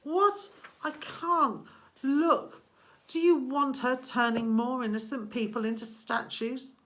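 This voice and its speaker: A woman's voice: high voice, fairly even intonation, takes it slowly, fairly bright tone, voice pushed up. A woman voicing a panicked teenage boy hero who protests in alarm.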